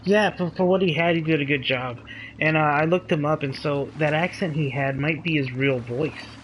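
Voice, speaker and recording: A man's voice: on the high side, normal speed, a bit bright, a little hiss or hum, poor audio. A man reviewing a movie in casual chat, laid-back and often saying "dude" and "like".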